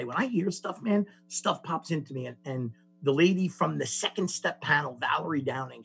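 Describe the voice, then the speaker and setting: A man with a gravelly, husky voice tells his recovery story to a meeting. He is lively and acts out the people in the story with plenty of restarts. His voice sits a little higher than most men's. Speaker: speaker sharing a recovery story. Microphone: call audio.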